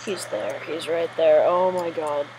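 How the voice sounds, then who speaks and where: A woman commentating her own gameplay live, excitable and jittery, often giggling. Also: low-pitched, measured pace, slight background noise, poor audio. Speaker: gamer.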